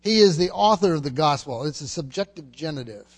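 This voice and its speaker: High-voiced man preaching a sermon. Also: expressive, a little fast, breathy edge. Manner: emphatic, repeats words while teaching; asks the congregation questions.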